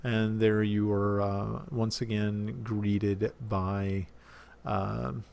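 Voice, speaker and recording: Slow, gravelly man running a tabletop game. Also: lowish voice, flat delivery, darkish tone. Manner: halting, many fillers and restarts. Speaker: dungeon master.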